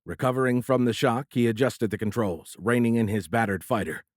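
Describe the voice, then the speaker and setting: A man narrating an audiobook thriller in a steady, measured storytelling voice. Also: medium pitch, dry recording, clean studio sound. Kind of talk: scripted narration.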